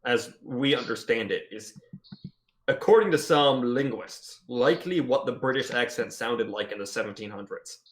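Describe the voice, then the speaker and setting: A man's voice: medium pitch, animated, normal speed. A man chatting casually with friends, explaining things with eager enthusiasm. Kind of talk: casual chat among friends.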